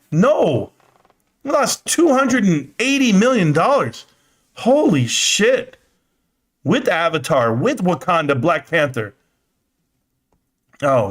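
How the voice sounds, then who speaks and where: A man's voice: fairly high pitch, big pitch swings, unhurried, pauses often, a bit bright. A young man hosting a live stock stream, ranting in exasperation and swearing while reading the chat. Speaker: livestream host.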